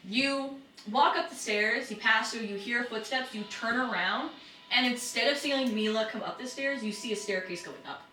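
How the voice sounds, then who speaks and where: A woman narrating as game master of a tabletop role-playing game, brisk and wry. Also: on the high side, pushed and bright, faint music behind. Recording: roomy, distant mic with faint noise.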